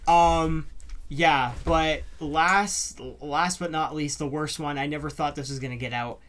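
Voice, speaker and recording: A young man co-hosting a casual podcast, telling animated stories with many fillers and bursts of laughter. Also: on the high side, measured pace. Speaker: podcast co-host. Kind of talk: casual chat, storytelling.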